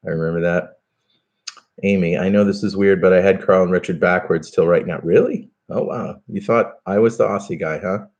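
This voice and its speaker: A man's voice: low-pitched, fairly even intonation, a little fast, darkish tone, muffled recording. A man hosting a live stream, chatting casually and reading out viewer comments, with plenty of fillers and restarts. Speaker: podcast host doing a live stream.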